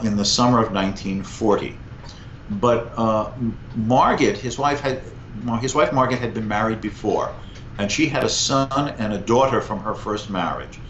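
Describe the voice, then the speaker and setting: A man in his sixties, a guest professor, telling historical anecdotes in an animated conversational interview. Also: lowish voice, a little hiss or hum. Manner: animated anecdote teller, lively vocal emphasis. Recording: echoey, slightly muffled room.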